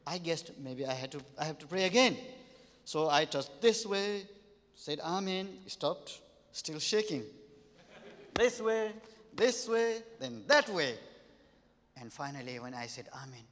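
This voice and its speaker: A man preaching, telling a deliverance story with sudden loud exclamations and quiet drops, then leading a fervent prayer. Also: fairly high pitch, animated, measured pace, pauses often. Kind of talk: sermon with testimony and prayer. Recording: long hall reverb.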